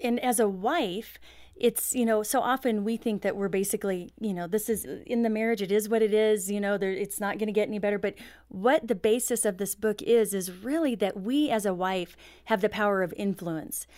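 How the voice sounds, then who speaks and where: A woman's voice: mid-range voice, fairly quick, a little mellow, no room sound, studio quality. A middle-aged woman, a guest author, talking earnestly about faith and marriage, with frequent "you know" fillers. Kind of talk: earnest faith-based interview talk.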